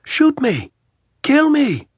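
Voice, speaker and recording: A man's voice: medium pitch, huge pitch swings, unhurried, a little mellow, breathy edge, dry recording, studio quality, pitched above the performer's own voice, heavily acted. A man voicing a hot-tempered army captain who rants and bellows furiously, in an audiobook. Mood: raging, shouting.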